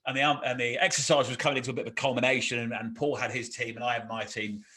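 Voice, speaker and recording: A man's voice: medium pitch, rapid-fire. A man co-hosting a podcast, telling army stories in a chatty, self-mocking way. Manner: chatty, animated when quoting, self-mocking. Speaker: podcast co-host, ex-army officer. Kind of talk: casual conversational storytelling.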